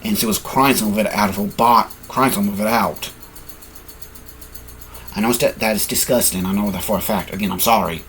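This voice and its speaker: A man's voice: on the low side, fairly even intonation, a little fast, fairly bright tone, a little hiss or hum. A man improvising a fan-fiction story, rambling, correcting himself and apologizing as he goes, sleepy and yawning.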